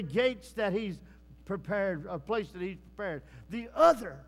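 A man preaching a sermon, swinging from hushed, low passages to loud, rising calls. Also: lively intonation, unhurried, gravelly. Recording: long hall reverb.

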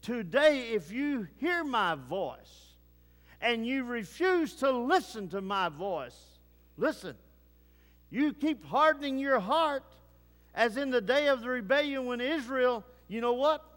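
A man preaching with fervor, his voice high-pitched for a man. He drops into low grave tones, then presses upward with urgency. The sound carries a long reverb. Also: big pitch swings, slow, a bit bright. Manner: fervent, swings between low grave tones and rising urgency. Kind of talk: sermon.

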